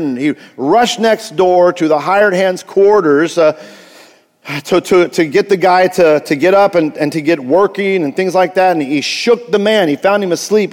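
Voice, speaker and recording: A man's voice: high-pitched, moderate pace, in a large hall. A male pastor preaching a sermon, telling a story with frequent restarts and asides.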